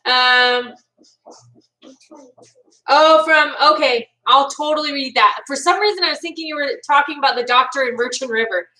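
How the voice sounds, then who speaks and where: A woman's voice: high voice, normal speed, pushed and bright, far from the mic, poor audio. A young woman hosting a casual live stream from home, chatting with viewers and reading their comments in a bubbly, talkative way. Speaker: livestream host reacting to a show.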